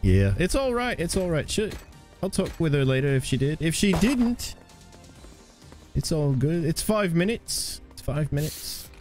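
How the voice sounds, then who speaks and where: A man's voice: fairly high pitch, big pitch swings, unhurried, darkish tone. A man chatting with his live chat while playing a shooter game, laughing often. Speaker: streamer. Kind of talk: casual live gameplay chat. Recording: game music and gunfire behind. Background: game sounds and gunfire.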